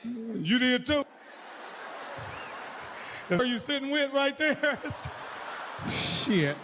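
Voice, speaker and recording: A man in his older years doing a stand-up comedy routine, telling crude stories in a loud, animated way. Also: extremely high pitch, very slow. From United States. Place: comedy club stage with a laughing audience. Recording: live stage in a large hall, loud crowd noise.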